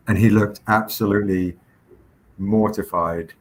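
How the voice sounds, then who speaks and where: A man hosting a livestream, telling a story with lively quoted voices. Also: low voice, normal speed, pauses often, slight background noise. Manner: animated anecdote with quoted voices. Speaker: comic publisher hosting a livestream. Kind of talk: casual storytelling chat.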